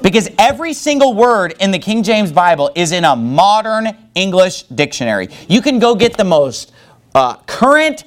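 A man preaching a sermon to his congregation, sarcastic and mocking, with quick asides. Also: sits high, sing-song. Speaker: pastor. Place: church building with congregation.

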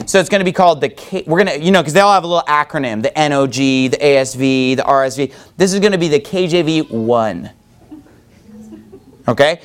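Guy preaching in a church, high voice, mocking and sarcastic. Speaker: pastor. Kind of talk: sermon. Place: church building with congregation.

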